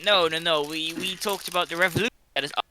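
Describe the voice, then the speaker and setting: A man's voice: on the high side, steady tone, quick pace, pushed and bright, slight background noise. A man playing a tabletop game, talking brashly with swearing and hesitant fillers. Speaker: player. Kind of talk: in-character tabletop play.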